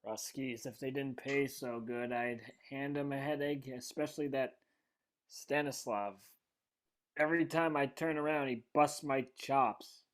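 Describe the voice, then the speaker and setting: A man's voice: medium pitch, steady tone, measured pace, lightly acted. A man voicing a fake military policeman who grumbles and mutters complaints. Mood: grumbling.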